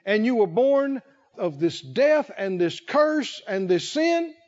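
A man preaches with a high voice at an unhurried pace. He leans hard on repeated phrases and lifts into fervent emphasis. The recording sounds dull and lo-fi. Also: very animated, a little mellow. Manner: emphatic, repeats key phrases slowly, rising with fervor. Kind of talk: sermon.

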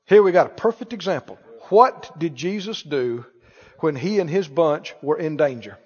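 A man preaching a sermon, animated, asking the congregation questions and acting out scenes. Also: fairly high pitch, normal speed, slightly rough. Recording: reverberant church hall, dull lo-fi sound.

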